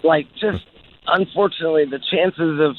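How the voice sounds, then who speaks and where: Guy rambling and cussing in an old interview clip, kinda high voice, sounds like a phone line. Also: moderate pace. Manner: swears a lot, rambling and searching for words. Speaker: interviewed musician. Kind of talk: casual interview.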